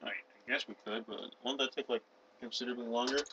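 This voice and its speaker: A young man commentating a co-op video game, excitable and joking, on a headset mic. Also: medium pitch, fast talker, highs cut off. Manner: excitable, yelps and jokes. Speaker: co-op gameplay commentator. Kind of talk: casual let's play chat. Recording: noisy game audio behind.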